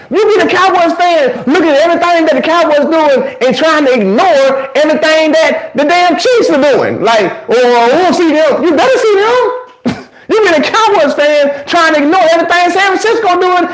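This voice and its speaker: A male livestream host shouting a sports rant and repeating lines for emphasis, with the mic right under his chin. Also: very high-pitched, reverberant, low-quality recording.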